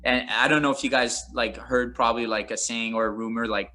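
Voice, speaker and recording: A man, a former MMA fighter, telling stories in a casual interview, animated and rambling with frequent laughter. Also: mid-range voice, a little fast. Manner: animated, rambling, laughs often, many fillers.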